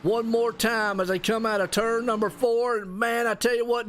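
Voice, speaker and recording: High-voiced excitable man calling a race. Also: moderate pace, few pauses. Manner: folksy, excitable, fond of y'all and ain't. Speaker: race commentator. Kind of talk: live play-by-play commentary.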